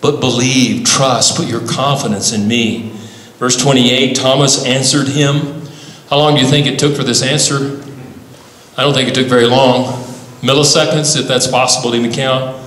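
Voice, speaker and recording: A man pastor preaching a sermon in short phrases that build to loud, emphatic passages. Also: mid-range voice, moderate pace. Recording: echoey hall with long reverb.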